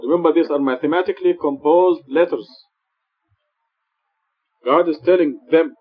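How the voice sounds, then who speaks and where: A man's voice: fairly high pitch, normal speed, pauses often. A man preaching in a mosque, earnest and explanatory, repeating his points for emphasis. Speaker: preacher teaching Quran study. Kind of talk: sermon. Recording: dull lo-fi recording.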